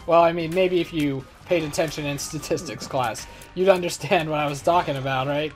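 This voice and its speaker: A brisk man in his twenties with a slightly high voice and fairly even intonation hosts a let's play. He rambles through casual gameplay commentary, joking at his own expense, with faint music in the background.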